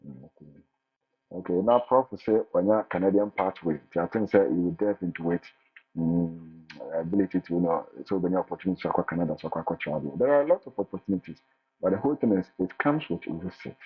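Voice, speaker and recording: A man, a teacher giving casual advice in an animated way, often repeating and restarting his words. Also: low voice, fast. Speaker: international teacher sharing his experience. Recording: phone-like line with faint music.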